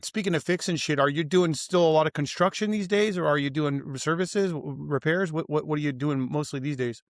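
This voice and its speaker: A man's voice: fairly high pitch, fairly quick, few pauses, no echo, studio quality. A man hosting a podcast in casual chat, laid-back and cursing freely. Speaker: podcast host.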